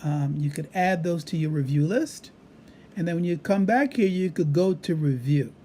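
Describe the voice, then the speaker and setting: A man's voice: fairly high pitch, normal speed, dark tone, a little hiss or hum. A middle-aged man, a Hebrew teacher, patiently walking through a vocabulary app demonstration with frequent "uh" fillers. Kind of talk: screen-recorded app demonstration lesson.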